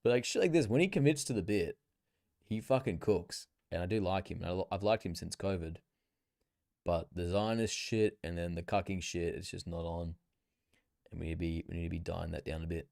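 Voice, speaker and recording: Man, low voice, casual stream reaction, slangy, profane, excited outbursts. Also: brisk, vocal fry, no echo, clean studio sound. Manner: loose, profane, slangy chatter with bursts of excitement. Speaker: livestreamer.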